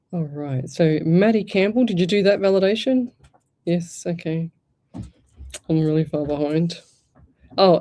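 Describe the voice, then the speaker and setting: A woman's voice: fairly low pitch, darkish tone. A middle-aged Australian woman hosting a live psychic radio show, chatting casually, rambling and restarting her sentences, her throat sore. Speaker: psychic medium radio host.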